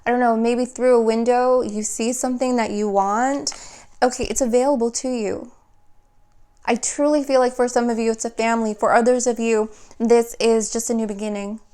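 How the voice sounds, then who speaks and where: Young woman, fairly high voice, tarot reader; talks fast, restarts and loops phrases. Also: steady tone, dark tone, clear, resonant tone. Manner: flowing, rapid, repeats and restarts phrases. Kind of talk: spiritual tarot reading.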